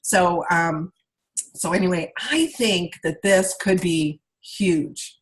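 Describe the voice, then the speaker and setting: A woman's voice: on the low side, slow, poor audio. A woman talking through a video call as a sales consultant training her directors. She is chatty, repeats herself and keeps checking in with "okay?" and "all right?".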